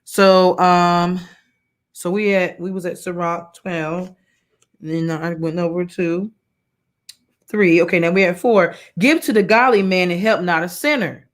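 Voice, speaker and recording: A woman's voice: fairly low pitch, steady tone, a little slow. Woman preaching in a loose, rambling way. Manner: conversational, many fillers and restarts, colloquial. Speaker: women's Bible study teacher. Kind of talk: informal sermon with personal story.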